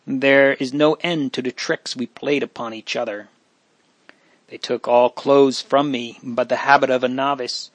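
Man reading a defiant young countess, bold storybook telling, mid-pitched, dry close sound. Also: no room sound, natural voice. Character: proud defiant teenage countess, spirited girl.

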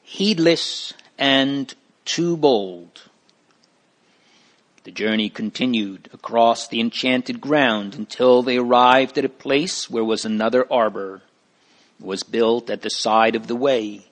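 A man reading a moral storybook aloud in a slow, deliberate, preacherly way. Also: mid-range voice, steady tone. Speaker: narrator.

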